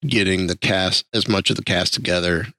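A man speaks in a very low voice, recorded dry and close with no room sound. He co-hosts a podcast and recalls an interview in a relaxed, measured way. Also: no echo. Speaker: podcast co-host. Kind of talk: casual chat.

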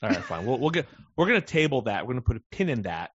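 A man co-hosting a podcast, talking in a casual, animated way and swearing freely. His pitch swings widely. The sound is dry and a little muffled. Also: fast talker, husky, dry recording. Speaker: podcast co-host. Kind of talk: casual chat.

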